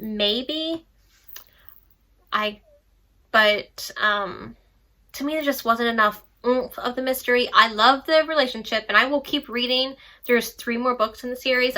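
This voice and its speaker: A woman's voice: on the high side, bright, forceful tone. A young woman chatting casually about books she read, rambling with playful asides. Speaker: book vlogger. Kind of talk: casual book review chat.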